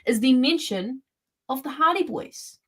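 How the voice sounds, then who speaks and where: Female co-host, chatty theorist, a touch high-pitched. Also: lively intonation, measured pace, a bit bright, slightly rough. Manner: theorizing, sets scenes with quoted asides. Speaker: podcast co-host. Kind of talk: casual wrestling chat.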